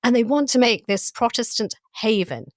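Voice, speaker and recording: A woman co-hosting a history podcast, telling stories in a playful, teasing, animated way. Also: fairly high pitch, normal speed, no echo, clean studio sound. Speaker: podcast co-host. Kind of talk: casual history chat.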